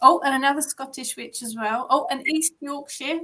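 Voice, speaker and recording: A chatty woman, her voice sitting a little high. She greets people one after another in a bubbly, easygoing way, heard through a video-call mic. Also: normal speed, bright, forceful tone. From England. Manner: chatty and bubbly, laughs often. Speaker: coven leader hosting an online ritual. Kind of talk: casual chat greeting participants.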